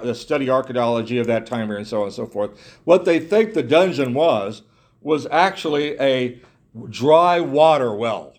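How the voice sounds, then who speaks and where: A man preaching a sermon in an earnest way, repeating himself, restarting phrases and asking his listeners rhetorical questions. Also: medium pitch.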